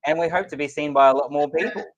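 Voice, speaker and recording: A man's voice: a little high, quick pace, highs cut off. Earnest man co-hosting. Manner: earnest, heartfelt tribute. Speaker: podcast co-host. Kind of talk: casual podcast chat.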